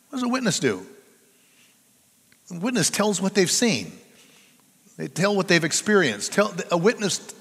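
Older male pastor, conversational sermon delivery, animated pitch, long hall reverb. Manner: conversational, chatty storytelling that draws the audience in.

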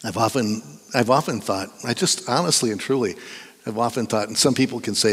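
A man preaching a sermon in a church, animated and emphatic, sometimes dropping into hushed whispers for effect. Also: medium pitch, fairly quick, slightly rough. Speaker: pastor. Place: church sanctuary. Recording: long reverb of a church hall.

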